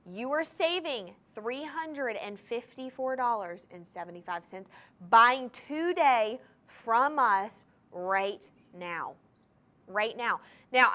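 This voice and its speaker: A woman hosting a shopping channel, giving an enthusiastic live sales pitch for jewelry and talking straight to viewers in a TV studio. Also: sharp tone. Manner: enthusiastic, chatty, addresses viewers directly. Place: TV studio with controlled lighting.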